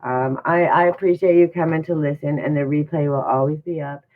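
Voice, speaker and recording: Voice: mid-range voice, steady tone, fairly quick. Livestream host, motivational, encouraging and repetitive, thin phone-quality audio. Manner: encouraging, repetitive, full of rhetorical questions.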